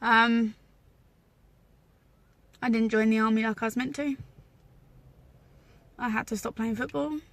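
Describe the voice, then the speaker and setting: A woman's voice: on the high side, steady tone, moderate pace, pauses often, dry recording. A young woman from England telling her own story to camera in a candid, wry, sometimes emotional way. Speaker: vlogger.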